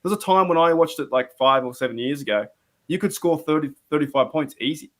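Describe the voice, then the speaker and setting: A man's voice: on the high side, a little fast. A man with an Australian accent calling in to a sports show, talking animatedly with frequent restarts. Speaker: caller. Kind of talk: casual sports call-in chat.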